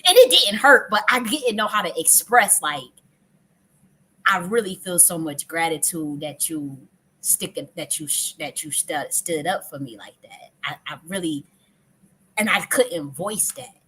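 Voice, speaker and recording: A woman's voice: sits low, unhurried, bright, forceful tone, breathy edge. A woman hosting a live stream, telling a personal story in a casual, emotional way, swearing often and restarting her sentences. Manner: emotional, profane, frequent restarts and repetitions.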